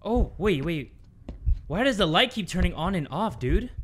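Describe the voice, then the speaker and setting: Jumpy, high-voiced man gaming. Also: sing-song, moderate pace, slight background noise. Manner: jumpy, swears a lot, shrieks when startled; talks to viewers while playing. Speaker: gaming YouTuber. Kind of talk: horror game commentary.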